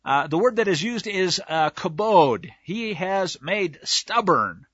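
A man's voice: sits high, animated, unhurried, bright, forceful tone, no room sound. A man teaching scripture verse by verse in a casual, folksy way, with slang asides. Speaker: Bible teacher. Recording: dull lo-fi, dry sound.

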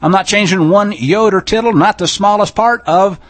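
A man's voice: sits high, normal speed, fairly bright tone. A man preaching a sermon, folksy and emphatic, with sarcastic asides and pointed scripture reading. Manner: reads scripture aloud, stressing single words. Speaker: Bible teacher.

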